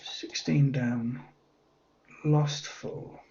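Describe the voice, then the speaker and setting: A man's voice: mid-range voice, fairly even intonation, extremely slow, gravelly, a little mellow, a little hiss or hum. A man thinking aloud as he works through a cryptic crossword, musing and muttering the clues half to himself. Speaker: crossword solver. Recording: dull lo-fi audio.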